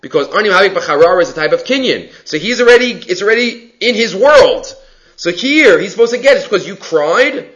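A man teaching a text study class, reading passages aloud and explaining them in a relaxed, conversational way. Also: high-pitched, fairly quick, low-quality recording. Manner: answers student questions. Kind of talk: Talmud class lecture.

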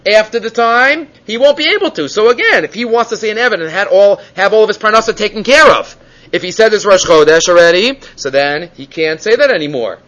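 A man's voice: high-pitched, lively intonation, fairly quick, fairly bright tone, rough recording. A man teaching a Torah lecture, mixing in Hebrew terms and rising and falling for emphasis.

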